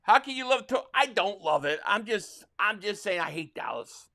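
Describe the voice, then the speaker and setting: A high, expressive voice with a pushed, bright quality comes at a normal speed from this football reaction streamer. Hailing from the Philadelphia area, he rambles with frustration and reads viewers' super chats out loud.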